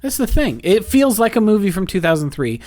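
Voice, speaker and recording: A man's voice: high voice, big pitch swings, brisk, a little mellow. A man co-hosting a podcast, telling stories in a playful, teasing way. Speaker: podcast co-host. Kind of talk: casual film review chat.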